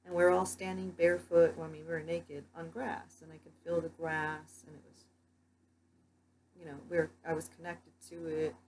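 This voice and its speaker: Woman, young adult, casual vlog storytelling, rambling with fillers, low mellow voice, faint hum. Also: little pitch movement, moderate pace, low-quality recording. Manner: rambling, many "like" fillers, soft-spoken. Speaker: vlogger.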